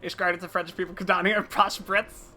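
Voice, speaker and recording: A woman's voice: on the low side, level tone, fast, sharp tone. A woman streamer chatting casually while playing, rambling with fillers and laughs. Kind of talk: casual live-stream chat.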